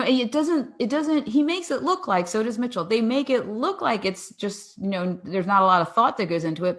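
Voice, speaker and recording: Woman in her 40s on a podcast, chatty storyteller, acts out the convo, mid pitch. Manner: animated storyteller who acts out dialogue and laughs often. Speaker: podcast guest. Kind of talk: casual interview storytelling.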